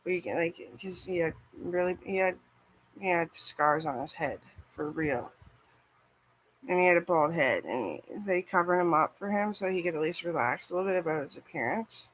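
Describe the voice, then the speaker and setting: A woman's voice: fairly low pitch, lively intonation, moderate pace, poor audio. A woman vlogger chatting casually and rambling, swearing freely and filling her talk with "like". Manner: rambling, profane, frequent "like".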